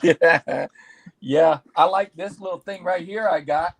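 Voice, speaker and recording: A man with a high voice joins a live stream and chats easily, laughing often. His recording is dry, with no room sound. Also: unhurried, creaky, no echo, poor audio. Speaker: guest caller on a live stream. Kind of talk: casual chat.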